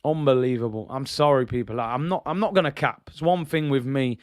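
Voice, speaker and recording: A man's voice: mid-range voice, fairly quick, darkish tone, no echo, clean studio sound. A man hosting a football livestream, ranting in frustration and firing rhetorical questions. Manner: frustrated, rhetorical questions, reads out viewer comments. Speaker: football channel host. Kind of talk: livestream fan rant.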